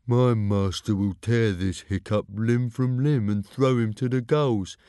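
A man voicing a hulking, mean-tempered young Viking bully with a slow, gloating delivery. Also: on the low side, fairly even intonation, mellow, smooth, dry recording, studio quality, lightly acted.

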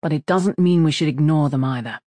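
A man's voice: on the high side, fairly quick, a little mellow, no echo, close to an everyday voice. A man doing an earnest, impassioned crewwoman. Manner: earnest, pleading. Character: earnest, emotional female crew member.

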